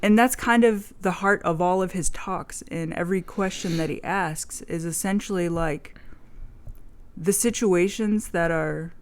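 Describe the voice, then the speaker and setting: A woman's voice: fairly low pitch, a little slow. A young woman in casual chat, rambling with lots of "like" fillers and frequent swearing. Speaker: vlogger.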